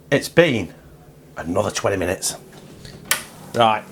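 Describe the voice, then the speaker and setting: A home cook talking through his recipe in a loose, rambling way, with plenty of swearing. His voice sits a touch high for a man and swings up and down a lot. He sounds relaxed and unscripted. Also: moderate pace, pauses often, a little hiss or hum. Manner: chatty, rambling, swears freely. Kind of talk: casual cooking vlog.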